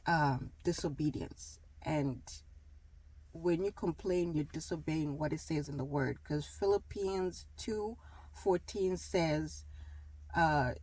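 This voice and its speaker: A woman's voice: sits low, slow pace, a little mellow, no room sound, low-quality recording. A woman in her thirties talking casually about faith and gratitude, rambling with many fillers and acting out little dialogues. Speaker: wellness vlogger. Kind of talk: casual faith talk to camera.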